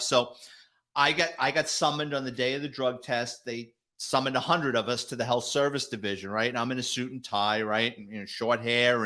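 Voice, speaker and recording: A middle-aged man, a retired police detective, telling stories as a guest with lots of swearing and acted-out quotes. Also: medium pitch. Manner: animated, profane, acts out quoted voices. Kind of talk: casual storytelling.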